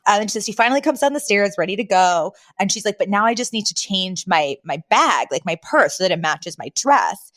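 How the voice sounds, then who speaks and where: Animated woman recapping a sitcom. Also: a little fast, few pauses, no echo. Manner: animated retelling, acts out quotes in higher voices. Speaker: podcast co-host. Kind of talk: casual recap chat.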